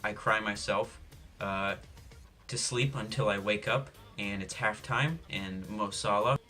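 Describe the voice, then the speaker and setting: Deadpan rambling young guy vlogger. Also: fairly low pitch, a little slow, faint music behind. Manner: deadpan, rambling, self-mocking asides. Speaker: sports vlogger. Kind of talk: jokey sports preview monologue.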